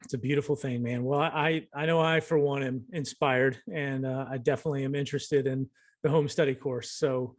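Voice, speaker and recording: A man's voice: mid-range voice, fairly even intonation, fairly quick. A man hosting a podcast interview, chiming in with brief, encouraging remarks. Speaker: podcast host.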